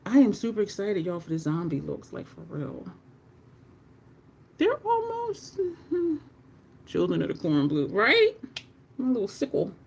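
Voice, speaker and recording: A woman's voice: medium pitch, a little hiss or hum. A woman chatting casually on a livestream while doing her makeup, swearing freely, laughing often and talking to her chat.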